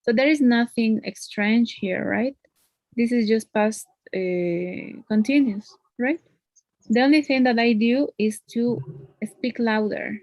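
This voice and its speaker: A woman's voice: a little high, takes it slowly, darkish tone, no room sound. A woman teaching English one-on-one. She explains patiently and often ends points with a questioning "no?". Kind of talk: one-on-one online lesson.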